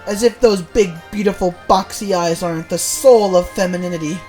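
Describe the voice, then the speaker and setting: A man's voice: sits high, fairly quick, warm tone, soft background music, natural voice. A man voicing a young female assistant from a game, in a chiding, sing-song way.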